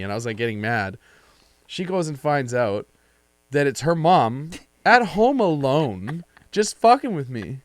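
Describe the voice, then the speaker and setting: Playful young man, lively bouncing pitch. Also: measured pace, a little hiss or hum. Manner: playful, teasing, swings in pitch. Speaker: podcast co-host. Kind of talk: casual chat.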